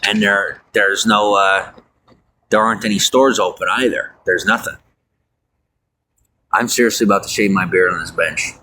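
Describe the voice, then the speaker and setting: Man, angry, ranting, swearing, repetitive, bright forceful voice, outdoors at night. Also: on the low side, steady tone, normal speed, pauses often, a little hiss or hum. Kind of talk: angry monologue. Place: outdoors at night by a bus bench.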